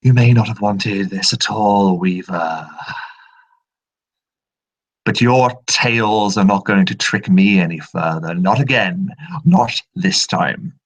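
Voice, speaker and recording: A man voicing the trapped, bitter male spirit of a book, speaking in a high, giddy and unhinged way. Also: slow, poor audio. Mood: cold.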